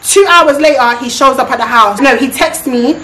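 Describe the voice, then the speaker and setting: A woman's voice: high-pitched, moderate pace, bright, forceful tone, a little hiss or hum. A woman vlogger telling a storytime monologue in a blunt, repetitive way, swearing freely. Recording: roomy echo.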